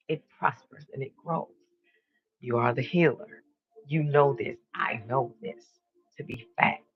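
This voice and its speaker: Emphatic, preachy man on a muffled stream. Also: medium pitch. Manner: emphatic, preachy, repeats declarations, swears casually. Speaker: live stream host. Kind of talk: spiritual monologue on a live stream.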